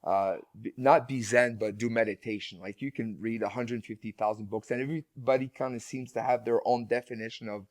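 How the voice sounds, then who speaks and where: A man chatting as a guest on an interview show, circling his points with restarts and repeated words. His voice sits at a middle pitch and is recorded dry and close, with no room sound. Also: steady tone, brisk, few pauses, no room sound. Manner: rambling, many restarts and repeated words, laughs often. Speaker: guest speaker. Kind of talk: casual conversational interview.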